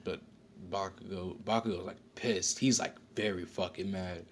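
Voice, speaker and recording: Casual storyteller, male, low voice, loose and rambling, slangy, faint background hiss. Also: steady tone, moderate pace. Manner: rambling, slangy, frequent self-corrections and fillers.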